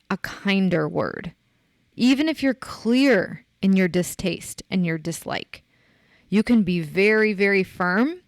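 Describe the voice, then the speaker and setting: A woman's voice: medium pitch, no echo. A woman hosting a podcast, talking in an encouraging, conversational coaching style and leaning hard into the points she stresses. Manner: emphatic, encouraging, rises sharply when making a point. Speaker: podcast host.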